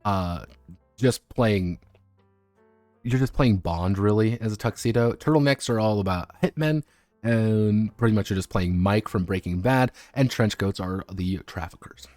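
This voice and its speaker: A man's voice: lowish voice, measured pace, darkish tone, no room sound, soft background music. A man streaming a casual, rambling talk about tabletop games, full of fillers and the odd curse. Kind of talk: casual unscripted commentary. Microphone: streaming microphone.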